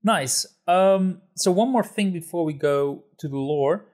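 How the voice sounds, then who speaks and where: A man's voice: sits high, a little slow, darkish tone. A man hosting a casual podcast chat, agreeable, steering the topics and laughing often. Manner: steering the talk, agreeable, with frequent laughs and fillers. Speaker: podcast host.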